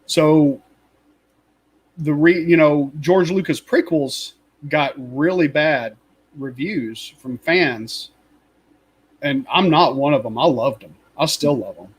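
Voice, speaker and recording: Rambling, opinionated man with a slightly high voice. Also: takes it slowly, husky, rough recording. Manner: rambling, opinionated, frequent fillers and laughs. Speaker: podcast co-host. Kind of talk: casual fan chat.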